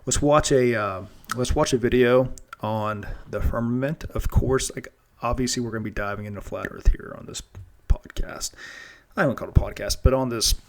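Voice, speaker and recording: A man's voice: mid-range voice, moderate pace. A man hosting a casual monologue show, rambling and earnest, often restarting and repeating words. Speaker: podcast host.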